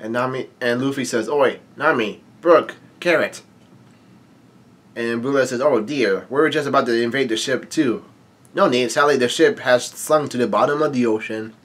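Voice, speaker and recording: A manga reading channel host reads lines aloud in a brisk, slightly bright, medium-pitched voice with fairly even intonation. Between lines he rambles through commentary full of fillers and restarts.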